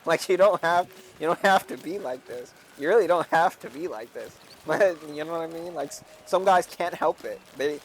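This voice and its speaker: A man's voice: fairly high pitch, slight background noise. A man streaming a game, telling a rambling story in a casual way, tagging his sentences with "like" and "right?". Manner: rambling, with many "like" and "right?" tags. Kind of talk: casual storytelling while gaming.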